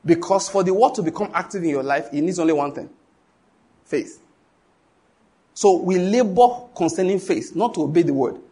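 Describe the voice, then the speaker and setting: A man's voice: high-pitched, animated, moderate pace, pauses often, warm tone, breathy edge. A middle-aged man with a Nigerian English accent preaching a sermon, emphatic and questioning the congregation so they finish his lines.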